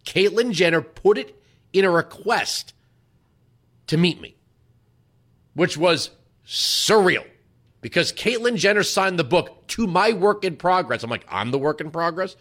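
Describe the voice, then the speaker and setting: A man's voice: high voice, expressive, measured pace, pauses often, a bit bright. A man hosting a radio talk show, answering listener questions in a casual, rambling storytelling manner. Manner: conversational storytelling with many restarts and asides.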